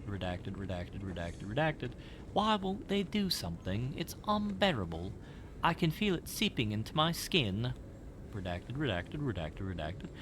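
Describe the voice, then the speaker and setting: A man's voice: fairly low pitch, very animated, a little slow, noisy background. A man voicing a paranoid, tormented apartment tenant in a desperate, anguished reading.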